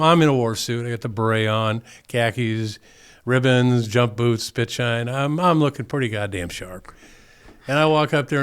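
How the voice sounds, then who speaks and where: An older man, a Vietnam veteran and podcast guest, telling war stories in a relaxed, animated way and acting out the other people's lines. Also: mid-range voice. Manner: animated, acts out voices in anecdotes, chuckles often. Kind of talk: casual storytelling.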